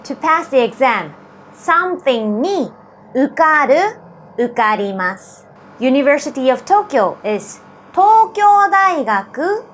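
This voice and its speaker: A woman with a high, light voice leads a scripted grammar lesson. She explains in a slow, careful way and lingers over each example sentence. A faint background noise sits under the recording. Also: big pitch swings, a bit bright. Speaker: Japanese language teacher.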